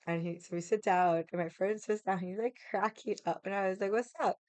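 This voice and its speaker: A woman with a raspy voice from losing it, telling a casual story with lots of fillers, acted quotes and loud laughs. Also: medium pitch, steady tone, a little fast, no room sound. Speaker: vlogger.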